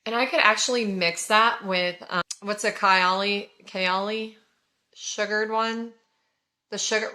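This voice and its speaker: Scented products are the topic as a haul vlogger from California, in her forties, chats casually and gushes to her audience. She speaks in a bright, forward, middle-pitched voice, effusive and conversational.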